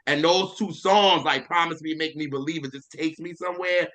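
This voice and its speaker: A man with a bright, forceful voice pitched a little high, raving about music on a casual talk show. He gushes and exclaims freely. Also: fairly even intonation, moderate pace. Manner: effusive, gushing, exclamatory. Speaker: podcast co-host.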